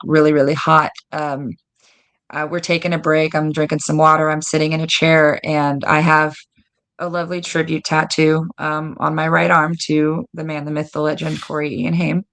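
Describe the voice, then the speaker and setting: A woman guest telling lively stories in a casual interview, acting out quoted dialogue. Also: low voice. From United States. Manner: animated, lots of "like" and quoted dialogue. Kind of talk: casual storytelling.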